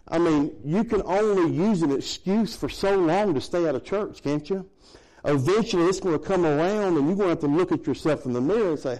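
A man's voice: a little high, darkish tone, rough recording. A middle-aged man preaching a sermon in a folksy, conversational way, chuckling between points. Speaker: pastor.

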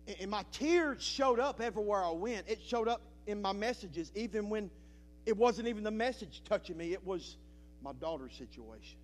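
A middle-aged man preaching a sermon, moving from quiet, halting confession to loud, impassioned preaching. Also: fairly high pitch, expressive, a little hiss or hum. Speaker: pastor. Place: church sanctuary.

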